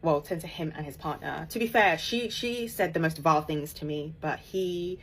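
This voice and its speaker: A woman telling a personal story in a casual, animated way, emphatic and laughing as she goes. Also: low-pitched, normal speed, a little hiss or hum. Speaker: author and podcaster.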